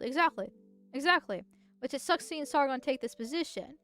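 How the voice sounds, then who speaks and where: A woman streamer giving casual commentary on posts, thinking out loud and restarting her sentences often. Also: high-pitched, lively intonation, normal speed, soft background music. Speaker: political streamer.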